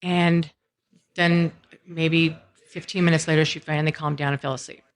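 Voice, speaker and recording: A woman's voice: sits low, steady tone, normal speed. A woman from Colorado, a podcast guest, telling a long personal story in casual conversation and acting out what people said in strings of run-on phrases. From Colorado, USA. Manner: retells events with many quoted exchanges, run-on phrasing. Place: coffeehouse.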